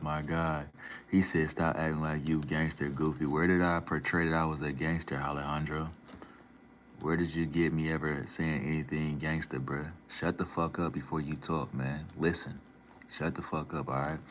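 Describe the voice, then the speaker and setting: A man's voice: very deep voice, slight background noise. A man casually reading and answering his live chat, laid-back and slangy, calling viewers man and bro.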